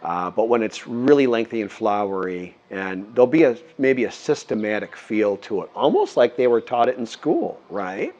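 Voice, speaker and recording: A man's voice: mid-range voice, very animated, moderate pace, hardly any pauses, a little mellow, muffled recording. A man vlogging, telling a story in a rambling, earnest way with many restarts. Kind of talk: casual storytelling to camera.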